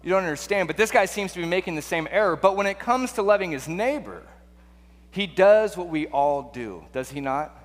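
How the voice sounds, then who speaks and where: A man's voice: high-pitched, lively intonation, brisk. A man preaching a sermon in a conversational way, full of rhetorical questions and restarts. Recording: long hall reverb.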